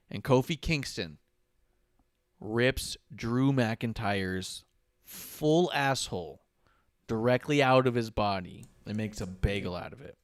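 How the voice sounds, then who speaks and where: A man's voice: mid-range voice, smooth, no echo, studio quality. A man co-hosting a casual wrestling podcast, acting out wrestlers' lines in exaggerated voices. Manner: animated, acts out quotes in exaggerated voices. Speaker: podcast co-host. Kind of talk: casual chat recapping wrestling.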